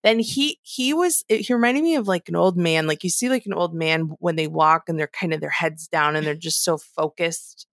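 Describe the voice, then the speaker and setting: Podcast co-host, woman, lowish voice, hesitant and chatty, dry close sound. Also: dry recording. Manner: hesitant, halting, animated retelling. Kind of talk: casual chat.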